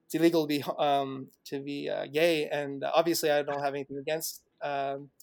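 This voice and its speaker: A man's voice: a little high, flat delivery, moderate pace, vocal fry, dry recording, studio quality. A man telling travel stories as a guest on a podcast, chatty and loose, laughing often, with lots of fillers and restarts. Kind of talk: casual interview chat.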